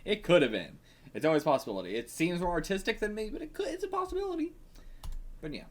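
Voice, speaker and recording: Animated, laughing man reacting to comics. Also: high voice, fast talker. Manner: laughs often, swears, talks to himself. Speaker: reaction video host. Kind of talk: casual manga reaction commentary.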